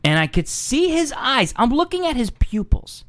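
Animated man telling a funny story. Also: very high voice, normal speed. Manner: animated, rising excitedly when impersonating locals; conversational with frequent fillers and asides. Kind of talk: casual comedic storytelling.

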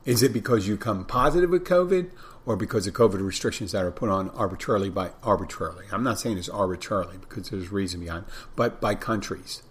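A man's voice: fairly low pitch, fast talker, slightly rough. A middle-aged man hosting a podcast alone, chatting in a rambling way and often correcting himself. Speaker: podcast host, bartender. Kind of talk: casual solo podcast talk. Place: home in the Florida Keys.

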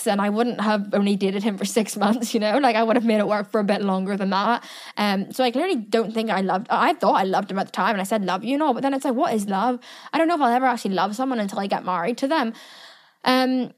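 A woman in her twenties hosting a podcast, chatting casually and rambling with lots of fillers. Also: medium pitch. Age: 20s. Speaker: podcast host. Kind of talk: casual chat.

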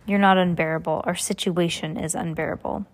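A woman's voice: fairly low pitch, fairly even intonation, a little fast, close to an everyday voice. A woman voicing an anxious, earnest teenage girl in a read-aloud story. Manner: earnest, upset.

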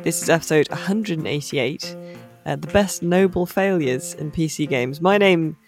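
A woman's voice: low voice, moderate pace, a little mellow, soft background music. Giggly woman hosting a podcast. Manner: giggly, playful. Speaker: podcast host. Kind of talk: casual podcast chat.

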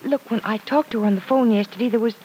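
A woman's voice: a little high, fast, darkish tone, natural voice, low-quality recording. An actress playing an earnest young woman in a 1940s radio drama, talking in an anxious, heartfelt way. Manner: anxious, earnest, playful at times. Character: earnest young woman worried about her stepfather. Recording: old radio recording with faint hiss.

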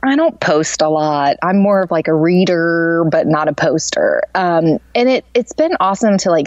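Lower-voiced woman chatting as a guest, rambly and earnest, says like a lot, dry dull audio. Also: a little mellow, dry recording. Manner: rambling and earnest, heavy use of "like". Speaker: interview guest. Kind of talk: casual interview chat.

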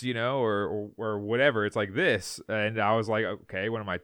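A young man co-hosting a podcast, talking casually in halting bursts with repeated words. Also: on the low side, fairly even intonation, fairly bright tone, dry recording, clean studio sound. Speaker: podcast co-host. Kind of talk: casual chat.

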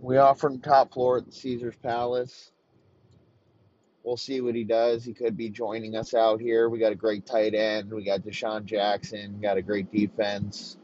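A man's voice: medium pitch, highs cut off, slight background noise, lightly acted. A man voicing a furious, foul-mouthed male football coach who berates and swears. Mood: smug. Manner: profane, berating, escalating yelling.

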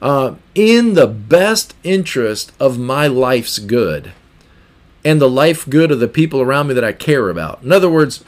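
A man's voice: mid-range voice, sing-song, a little slow. A man hosting a self-help podcast, talking through ideas as he thinks, with frequent restarts and rhetorical questions. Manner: thinks aloud, repeats words, asks rhetorical questions. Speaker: podcast host. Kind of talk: reflective self-help talk.

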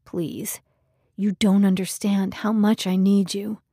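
A woman's voice: mid-range voice, little pitch movement, slow pace, mellow, husky, no room sound, clean studio sound. A woman voicing an earnest young man who pleads with the woman he loves, in an audiobook. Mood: pleading. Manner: pleading, insistent.

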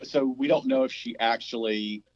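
A man's voice: mid-range voice, steady tone, normal speed, muffled recording. A man co-hosting a casual discussion podcast, thinking aloud with frequent restarts as he builds his point. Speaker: podcast co-host.

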